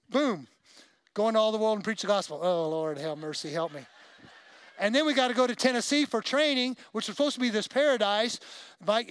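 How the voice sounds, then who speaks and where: A middle-aged man preaching, telling his own story in a lively way and acting out his past reactions. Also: high voice, clean tone, no echo. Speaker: pastor. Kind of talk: sermon storytelling.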